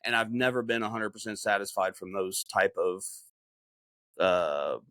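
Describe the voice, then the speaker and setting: A man's voice: lowish voice, measured pace, a bit bright, dry recording. Man, podcast host, rambling casual talk, lots of swearing, dry close sound. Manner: rambling, heavily profane. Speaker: podcast host and game streamer.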